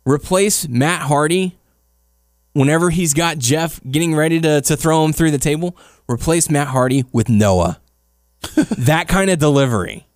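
A man's voice: on the high side, normal speed, no echo, studio quality. A man co-hosting a casual podcast, joking and acting out dramatic lines. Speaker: podcast co-host. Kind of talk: casual chat.

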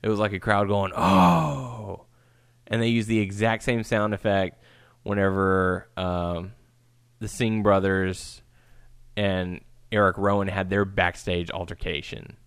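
A man in his thirties co-hosting a laid-back wrestling podcast, relaxed and given to casual cursing. His voice sits low, recorded dry and close with no room sound. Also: unhurried, smooth, dry recording. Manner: relaxed, laughs easily, curses casually. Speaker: podcast co-host.

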